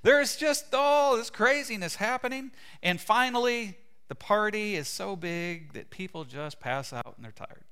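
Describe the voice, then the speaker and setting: A middle-aged male pastor delivers his sermon as an animated story. His voice sits a little high and rings bright and clear. He slips into quoted lines now and then. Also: unhurried, few pauses.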